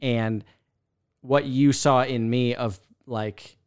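A man's voice: mid-range voice, steady tone, slow pace, clear, resonant tone. A man in his thirties co-hosting a casual podcast chat, talking in rambling sentences with frequent restarts. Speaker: podcast co-host.

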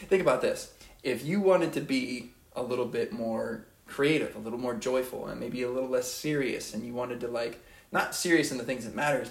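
A man's voice: medium pitch, gravelly, roomy sound. A young man giving an earnest, rambling motivational monologue as a podcast host, often repeating his phrases.

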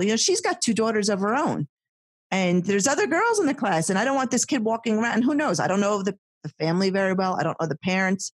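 A husky-voiced woman in her thirties co-hosts a casual podcast. She tells her stories in a chatty, animated way, her voice sitting in an ordinary middle pitch. The sound is dry and close. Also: quick pace, no echo. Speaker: podcast co-host. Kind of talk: casual chat.

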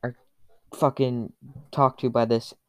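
A young man telling a rambling, absurd comic story in a crude, cursing, hurried way. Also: mid-range voice, flat delivery.

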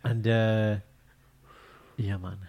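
A man chatting casually as a podcast co-host, telling stories and acting out quotes in lively voices. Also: on the low side, drawn-out words. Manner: animated storyteller, acts out quotes. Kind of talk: casual chat.

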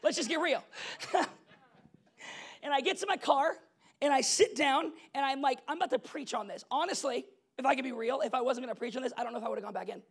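A young adult man preaching a casual, story-driven sermon as pastor, animated and conversational, laughing often and checking in with the congregation. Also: extremely high pitch, brisk, slightly rough. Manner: animated, conversational, laughs often, asks "you know what I'm saying?".

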